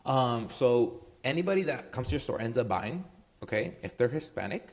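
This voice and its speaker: A man's voice: medium pitch, sing-song, fairly quick, a little mellow. Casual chatty man giving marketing advice. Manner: loose and conversational, full of "right?" and "um". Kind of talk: casual talking-head advice.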